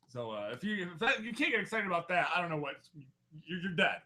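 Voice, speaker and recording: A man hosts a casual wrestling podcast with a bright, ringing voice pitched a little above the usual for men. He talks loudly and jokes around, dropping swear words as he recaps matches. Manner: loud, joking, swears freely. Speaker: podcast host.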